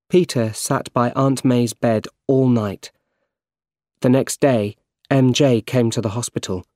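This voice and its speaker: Slow, careful male storybook narrator. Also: mid-range voice, fairly even intonation, warm tone, no echo, clean studio sound. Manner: slow, clear, carefully paced reading. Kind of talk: scripted narration of a graded reader story.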